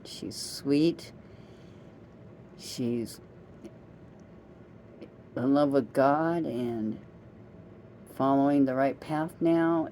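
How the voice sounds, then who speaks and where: A woman's voice: a bass voice, gravelly, dark tone, a little hiss or hum. A middle-aged woman vlogging in a casual, rambling monologue, chatty and self-amused as she wanders from one story to the next.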